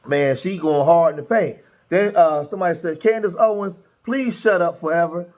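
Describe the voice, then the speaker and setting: A man's voice: on the high side, normal speed, darkish tone. A man hosting political commentary, talking loosely with many restarts and reading posts aloud. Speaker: commentary host.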